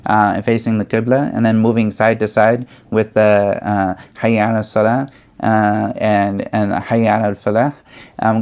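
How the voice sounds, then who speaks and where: Young male teacher, low-pitched, halting explanatory delivery full of fillers. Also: a little mellow. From United States. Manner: hesitant, many fillers and restarts. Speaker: religious studies teacher. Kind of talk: explanatory lesson.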